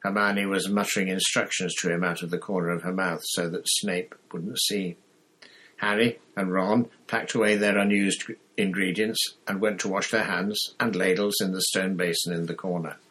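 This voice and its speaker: Deep, husky male storyteller. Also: fairly even intonation, moderate pace, pushed and bright. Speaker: narrator. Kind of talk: audiobook reading.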